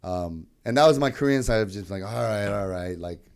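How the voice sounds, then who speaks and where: A man's voice: lowish voice, lively intonation, a little fast, gravelly, darkish tone. A young man co-hosting a podcast, chatting loosely and telling a story with lots of "like". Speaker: podcast co-host. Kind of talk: casual storytelling chat.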